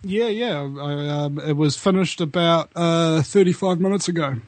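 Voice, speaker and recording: A man's voice: fairly high pitch, moderate pace, no room sound. A man co-hosting a casual talk radio show, cracking playful jokes.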